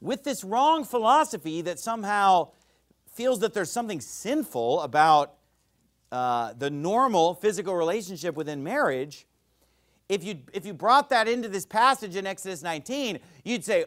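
A man preaching a sermon as pastor, fiery and emphatic, swinging between loud bursts and quiet asides. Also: high voice, animated, moderate pace.

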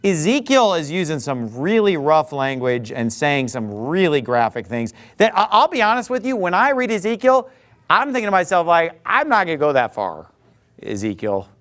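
A man's voice: high-pitched, fairly bright tone. A male pastor delivering an emphatic sermon, preaching hard and mocking his critics in mock voices. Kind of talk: fiery sermon.

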